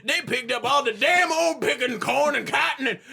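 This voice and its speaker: A man's voice: very high-pitched, normal speed, vocal fry, pushed and bright, pitched above the performer's own voice, full character voice. A man putting on a rowdy old rural man who tells a story in a folksy, hollering way.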